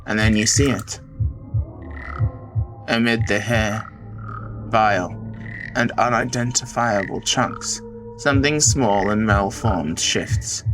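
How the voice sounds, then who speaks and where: A man streaming a visual novel, reading it aloud dramatically with excited outbursts. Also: lowish voice, slow, pauses often. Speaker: game streamer. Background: game music.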